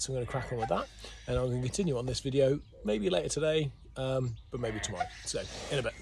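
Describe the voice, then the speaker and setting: A man's voice: mid-range voice, vocal fry. A man chatting casually in a home vlog, joking and chatty, sitting outdoors. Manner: chatty, joking, often laughing. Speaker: vlogger. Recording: noisy background.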